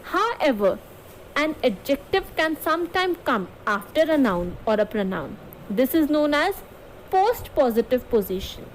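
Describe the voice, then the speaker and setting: High-voiced Indian English woman teacher. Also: big pitch swings, a little slow, a little hiss or hum, poor audio. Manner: explains step by step, says "okay" often. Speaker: school teacher. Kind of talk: recorded grammar lesson for students.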